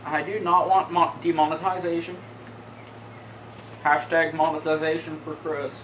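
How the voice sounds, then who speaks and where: A man's voice: on the high side, level tone, normal speed, lo-fi sound, a little hiss or hum. Crude, rambling young man, roomy sound. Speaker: host. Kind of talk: casual stoned commentary.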